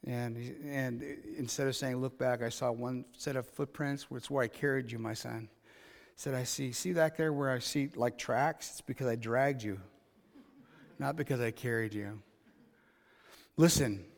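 A middle-aged man preaching a sermon, talking conversationally and building to loud, emphatic passages. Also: mid-range voice. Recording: long reverb in a large hall.

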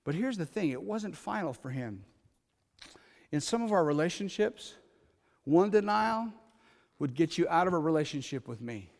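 A man preaching a sermon in a conversational way, alternating loud emphatic lines with quiet asides. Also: a little high, expressive, normal speed, long pauses, long reverb tail. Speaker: pastor.

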